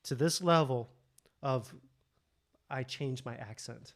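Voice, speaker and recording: A man's voice: mid-range voice, slow. A man, a guest, telling a story in a rambling, laughing way with lots of swearing, over a video call. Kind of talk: casual storytelling chat.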